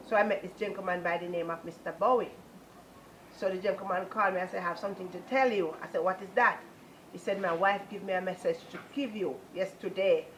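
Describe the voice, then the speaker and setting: A woman's voice: on the low side, steady tone, brisk, slight background noise, low-quality recording. A woman with a Jamaican accent giving a personal religious testimony, telling her story earnestly and moving into repetitive, preaching praise.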